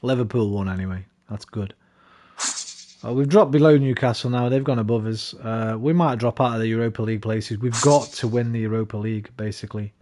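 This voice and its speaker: A young man commenting on a football management game he is playing, swearing often and venting his frustration in loud bursts. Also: on the low side, steady tone, fairly quick. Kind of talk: casual live commentary while playing.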